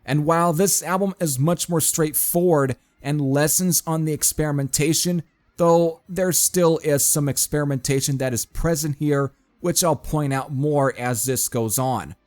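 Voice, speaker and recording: A man giving a casual spoken review of a metal album, chatting to his viewers as folks and filling pauses with uh. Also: a little high, darkish tone. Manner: chatty, addresses viewers as folks, frequent fillers.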